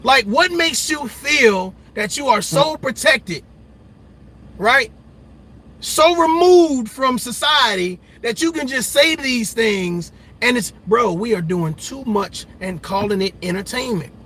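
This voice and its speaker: A man rants on a livestream, preachy and repeating phrases for emphasis. His voice sits high and bright with a husky edge. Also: animated, slow pace. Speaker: commentary host. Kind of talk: livestream commentary rant.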